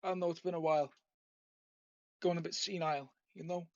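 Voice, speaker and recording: A man voicing an aging, menacing mafia boss in a gruff mock-gangster drawl, recorded on a dull lo-fi setup. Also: a little high, steady tone, brisk, dry recording, natural voice. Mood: rambling. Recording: dull lo-fi dry home recording.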